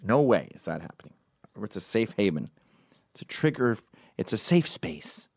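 Rambling, profane man with a low, lively voice. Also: unhurried, long pauses, dry recording, clean studio sound. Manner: rambling, profane, goes off on tangents; lively, acts out quoted voices. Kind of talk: casual monologue storytelling.

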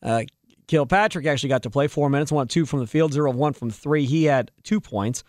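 A man's voice: fairly high pitch, fast, dry recording, studio quality. A man hosting postgame sports talk radio, breaking down the box score and ranting about roster moves. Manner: animated, heated rants.

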